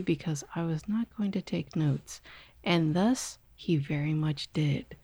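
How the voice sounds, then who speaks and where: A woman hosting a podcast in casual chat, making dry, sarcastic asides and quick interjections. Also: lowish voice, darkish tone, slightly rough, no echo. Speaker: podcast host.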